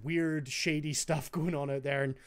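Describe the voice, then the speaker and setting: A man hosting a podcast in casual chat, chatty and quick to laugh as he retells stories. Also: a little high, steady tone, clean tone. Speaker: podcast host.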